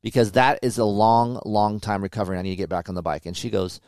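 A man in his forties co-hosting a podcast, telling his story in a casual, animated and impatient way, with many restarts. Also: fairly low pitch, quick pace, smooth, no room sound, clean studio sound. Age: 40s. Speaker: podcast co-host. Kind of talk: casual chat.

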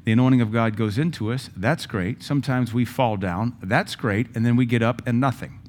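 Pastor guy preaching at church, middle-pitched voice, chatty but punches his points. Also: fairly quick, darkish tone. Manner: conversational preaching with emphatic rises and self-deprecating asides. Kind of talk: sermon. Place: church sanctuary.

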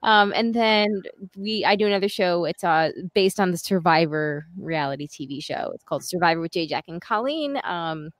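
A woman with a fairly low voice trades jokes as a podcast guest, poking fun at herself. She is recorded close and dry, with no room sound. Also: expressive, moderate pace, few pauses, no echo. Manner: joking, self-deprecating. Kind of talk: casual podcast chat.

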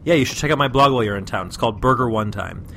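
A man's voice: medium pitch, rapid-fire, gravelly, a bit bright, slight background noise. A man co-hosting a comedy podcast, talking in an exasperated, sarcastic way. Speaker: podcast co-host. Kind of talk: improvised comedy sketch.

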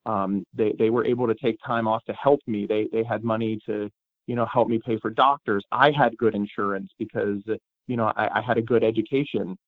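A man speaks reflectively, pausing and restarting often. He comes through a tinny, phone-like line. The sound is dry and close. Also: lowish voice, steady tone, dry recording. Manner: reflective, halting, many restarts. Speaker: podcast guest. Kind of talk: casual chat.

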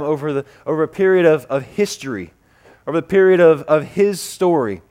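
A man preaching with a slightly higher-than-usual voice, animated and building through repeated phrases. He mixes teaching with storytelling and puts on voices for the people in his stories. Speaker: pastor. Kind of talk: sermon with personal storytelling.

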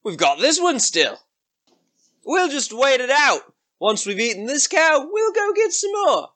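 A dopey, greedy ogre with a raised, wobbly voice talks slowly and plainly. A game master puts him on between bits of narration. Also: high voice, big pitch swings, pushed and bright, voice pushed up, full character voice. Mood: dim-witted. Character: dim-witted male ogre, slow and greedy.

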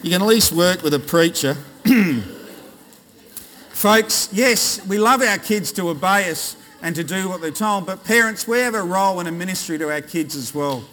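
Australian male pastor, bright high voice, playful with the congregation, sermon in a long-echo hall. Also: moderate pace. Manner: jokey, quizzes the congregation. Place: large church hall. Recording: reverberant church hall.

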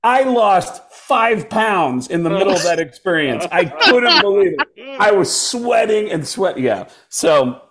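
Animated male comedian telling stories. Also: high-pitched, unhurried, few pauses, over a noisy crowd. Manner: animated, acts out voices in stories. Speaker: stand-up comedian guest. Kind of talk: casual storytelling chat.

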